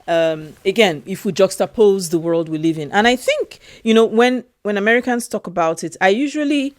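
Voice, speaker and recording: A woman talking casually and emotionally about a film she loves, slowly repeating her phrases. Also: medium pitch, no echo. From Europe. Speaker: film review vlogger. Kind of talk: casual film review vlog.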